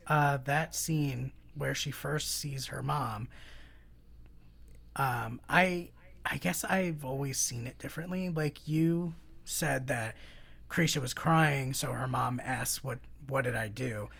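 Podcast co-host, gravelly and husky, dry and thoughtful delivery. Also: medium pitch, slow pace, a bit bright. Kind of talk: casual film discussion.

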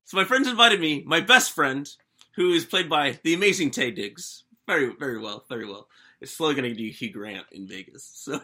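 A man voicing a young British man in a jokey, deliberately bad British accent, retelling a wild night in the first person. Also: on the high side, expressive, pushed and bright, voice pushed down. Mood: playful. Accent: bad put-on British. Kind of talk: comedic first-person plot recap.

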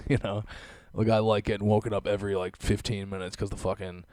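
A man's voice: lowish voice, little pitch movement, fairly quick, a little mellow, no room sound. A young man hosting a podcast, ranting in a casual, sarcastic way, swearing often and laughing at his own lines. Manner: profane, laughing, sarcastic rant. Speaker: podcast host.

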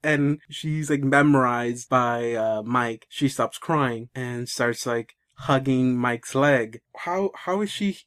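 A man's voice: mid-range voice, steady tone, slow, few pauses, fairly bright tone, smooth. A young man casually retelling a movie plot, rambling with lots of restarts. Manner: rambling, many fillers and restarts.

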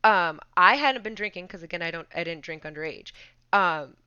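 Young woman, casual storytelling, bright crisp voice, dry dull lo-fi sound. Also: lowish voice, normal speed, no room sound. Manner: animated, swearing, laughing storyteller. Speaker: guest telling a story.

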